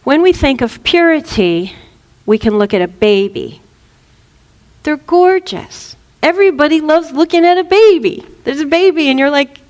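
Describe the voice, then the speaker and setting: A woman reverend gives an informal spiritual talk, animatedly telling stories and playfully acting out quotes. Her voice sits high, her pace is moderate, and the sound is that of a big room.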